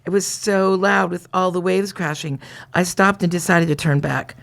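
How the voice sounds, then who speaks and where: Lowish woman reading a racy diary aloud. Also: moderate pace, vocal fry, a bit bright. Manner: reads dramatically, breaks into laughter, tries bad accents. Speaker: comedy podcast co-host reading a diary aloud. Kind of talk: comedic reading with banter.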